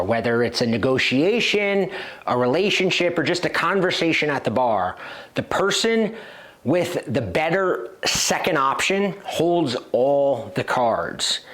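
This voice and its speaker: A man's voice: medium pitch, fairly bright tone. A man teaching as a dating coach, speaking directly and confidently and acting out short example lines. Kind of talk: instructional talk to camera.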